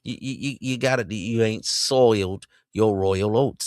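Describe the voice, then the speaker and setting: A man hosting a podcast, giving preachy, mocking commentary and jumping up in pitch to taunt. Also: a little slow, a little mellow, no echo, studio quality. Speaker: podcast host. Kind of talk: reacting to clips with commentary.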